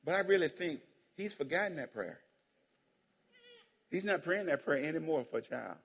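A man's voice: on the high side, lively intonation, normal speed, vocal fry, fairly bright tone, husky. A man preaching a playful sermon as pastor, joking with the congregation and calling for amens. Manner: playful preaching, calls for amens and jokes with the crowd. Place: church sanctuary. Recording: long hall reverb in a church.

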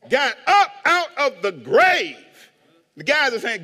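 A man preaching a sermon as pastor, animated, acting out voices and swinging between hushed asides and shouts. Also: extremely high pitch, takes it slowly. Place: church hall with long reverb. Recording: reverberant hall.

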